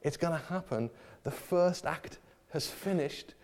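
A man preaching a sermon in a church, lively and humorous, acting out the people in the story. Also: a little high, unhurried, creaky.

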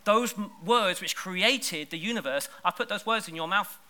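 Bright high-voiced preacher. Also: male voice, moderate pace. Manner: lively, conversational preaching with bursts of emphasis. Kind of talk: sermon. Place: church service.

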